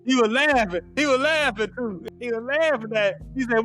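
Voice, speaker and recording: High-voiced man retelling movie scenes. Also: fairly quick, hardly any pauses. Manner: animated retelling of scenes, repeats himself. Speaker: podcast co-host. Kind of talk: casual chat ranking movies. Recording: faint guitar music behind.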